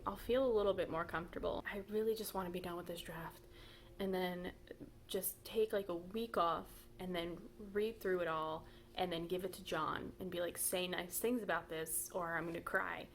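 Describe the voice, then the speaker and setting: Chatty young woman with vocal fry. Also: lowish voice, a little hiss or hum. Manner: chatty and rambling, lots of "like" and little laughs. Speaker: writer vlogging her novel progress. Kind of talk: casual vlog chat. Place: at home.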